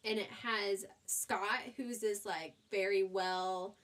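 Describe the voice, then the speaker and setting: A woman co-hosting a casual podcast chat, talking excitedly about favorite films and laughing at herself. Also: mid-range voice, measured pace. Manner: enthusiastic, chatty, laughs at herself. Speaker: podcast co-host. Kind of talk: casual chat recommending movies.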